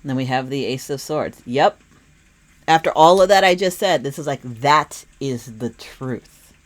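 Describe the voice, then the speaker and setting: A woman with a low voice reads tarot cards for her viewers in an earnest, emphatic way, repeating key phrases. Faint outside noise sits behind her. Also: lively intonation, measured pace. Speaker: tarot reader. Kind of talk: spiritual tarot reading to camera.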